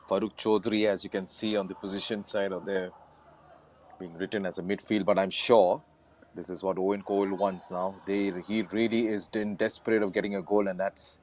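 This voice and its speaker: A man co-commentating on a live football match, earnest and a little halting in his phrasing. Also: lowish voice, a little mellow, slight background noise.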